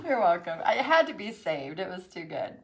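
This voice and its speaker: A woman's voice: lowish voice, very animated, a little fast, slight background noise. A middle-aged woman, telling a story with lots of laughter while leading an online painting class. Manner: chatty storytelling with frequent laughs. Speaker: painting instructor hosting an online paint party. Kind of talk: casual chat while painting.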